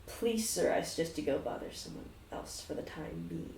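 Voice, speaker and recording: A calculating bartender, icily courteous and measured in every word, as a woman voices her in a tabletop game. The sound is roomy, with the mic set back. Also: fairly high pitch, sing-song, mellow, far from the mic, slight background noise, pitched above the performer's own voice. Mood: coolly polite. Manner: coolly polite, measured. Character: calculating, polite female bartender.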